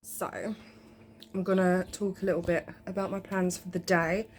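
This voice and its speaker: A woman's voice: on the low side, flat delivery, moderate pace, a little hiss or hum. A young woman chatting casually in a home vlog, rambling with lots of ums. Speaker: vlogger. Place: home, indoors.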